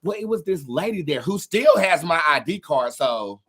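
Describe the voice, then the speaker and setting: A man hosting a tarot livestream, telling stories in a dramatic, profane, animated way and acting out what people said. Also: on the high side, moderate pace, crowd noise. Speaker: tarot reader and livestream host. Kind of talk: casual storytelling chat on a livestream.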